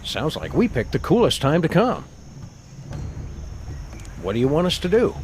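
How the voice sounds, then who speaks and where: A man voicing a wordy, deadpan dog detective in a video game, with a dry, long-winded delivery. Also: fairly high pitch, normal speed, a little hiss or hum.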